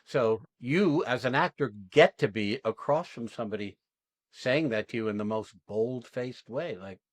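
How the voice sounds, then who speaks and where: A man's voice: mid-range voice, moderate pace, dry recording. A man coaching actors through an exercise, talking in an emphatic, blunt way and swearing freely. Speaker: acting coach. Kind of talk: coaching an acting class demo.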